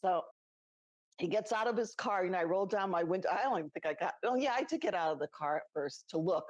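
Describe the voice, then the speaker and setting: A middle-aged woman with a lowish voice, co-hosting and telling a personal story. She is chatty and laughs as she talks. She acts out the lines of people she quotes. The recording is dry and close. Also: fast, no room sound, dull audio. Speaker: podcast co-host. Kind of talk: casual storytelling chat.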